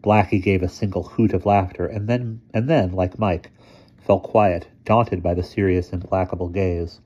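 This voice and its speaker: A man reads a short story aloud, steady and measured. His voice sits low with a dark, mellow tone. The recording sounds dull and lo-fi. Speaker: story reader. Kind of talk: storybook reading.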